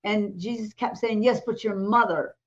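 A woman co-hosting a talk show, retelling a testimony in a lively way and acting out the voices in it. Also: medium pitch, moderate pace, lo-fi sound. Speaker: co-host. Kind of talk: animated testimony storytelling.

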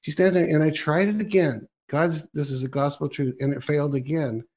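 A man's voice: on the high side, fairly even intonation, a little fast, darkish tone. A male host on a ministry talk show, telling a rambling story and quoting himself and others.

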